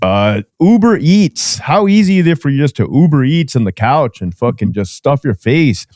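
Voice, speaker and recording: A man's voice: medium pitch, very animated, normal speed, darkish tone, no echo, clean studio sound. A man hosting a podcast, talking casually with frequent swearing and laughter. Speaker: podcast host. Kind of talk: casual chat.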